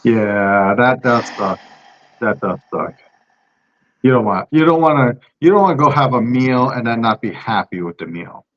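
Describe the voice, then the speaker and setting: A man's voice: mid-range voice, lively intonation, normal speed, fairly bright tone. A man from Southeast Asia co-hosting a casual podcast chat. He laughs often and repeats words as he starts his sentences. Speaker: podcast co-host. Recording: dull lo-fi audio.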